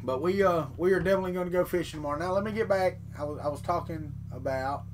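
Background noise accompanies the vlogger as he talks quickly in a fairly high voice, reading chat and rambling through folksy anecdotes on his morning 3D printing live stream.

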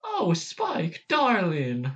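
A man's voice: high voice, huge pitch swings, extremely slow, a bit bright, lo-fi sound, voice pushed up, exaggerated voice. A man voicing a dramatic, prissy female pony in a fussy, sing-song way. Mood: pleading.

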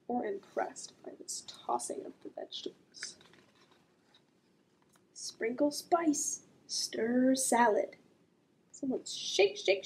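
A librarian reads a picture book aloud to children, gently asking the listener questions and drawing out the sound words. Her voice is high and creaky, and the poor-quality audio carries a little hiss or hum.

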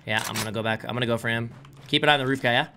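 A man's voice: medium pitch, fairly even intonation, racing, sharp tone, slight background noise. A man streaming a battle royale game, chatting casually with his teammate and thanking viewers for subs. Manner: laid-back, swears freely, thanks chat for subs. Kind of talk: casual gameplay chat.

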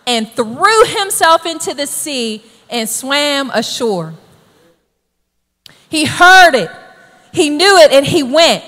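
A woman preacher delivering an emphatic, exhorting sermon that builds to shouted calls to the congregation. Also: high voice, in a large hall.

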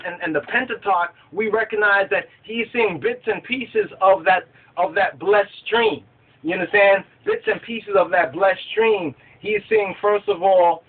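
A man leading a Bible study who reads verses aloud and keeps asking his listeners whether they understand. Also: high-pitched. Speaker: scripture study teacher. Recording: tinny phone-like line.

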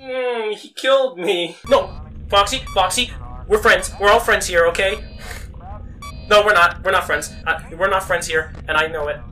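A gaming YouTuber doing let's play commentary, excitable, yelping and laughing at jump scares and tossing out mock insults and silly jokes. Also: mid-range voice, normal speed, slight background noise.

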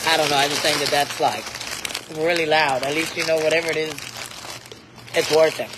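A woman's voice: deep voice, fairly even intonation, a little fast, noisy background. A middle-aged woman, chatting casually to live-stream viewers and her kids outdoors on a phone. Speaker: vlogger and mom. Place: outdoors at a scenic waterfall spot.

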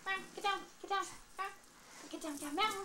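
High-voiced mother cooing baby talk. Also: normal speed, sharp tone, a little hiss or hum. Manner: sing-song baby talk, squeaky coaxing calls. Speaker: mother filming her toddler. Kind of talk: home video baby talk.

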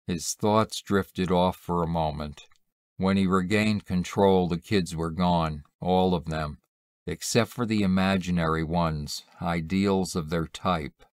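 A man reading a literary horror short story aloud in a measured, unhurried narration. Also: low-pitched, no room sound, studio quality. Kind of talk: scripted narration.

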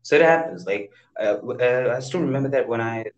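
A man's voice: medium pitch, brisk, lo-fi sound. A young man from India with an Indian English accent, chatting eagerly on a video call as an English learner, often restarting his sentences. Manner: animated, eager, frequent restarts. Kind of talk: casual video-call conversation. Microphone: computer mic on a video call.

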